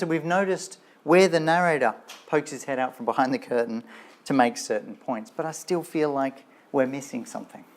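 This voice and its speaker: Male lecturer, lively storyteller asking the audience questions. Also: on the high side. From Australia. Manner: animated storytelling with rhetorical questions and playful asides. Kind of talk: Bible lecture.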